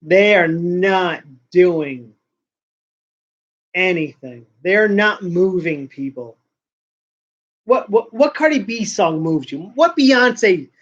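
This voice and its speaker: A man's voice: high voice, expressive, drawn-out words, pauses often, fairly bright tone. A man hosting a casual talk show, ranting and rambling with lots of swearing. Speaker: podcast host. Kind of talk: casual rant. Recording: dull lo-fi sound.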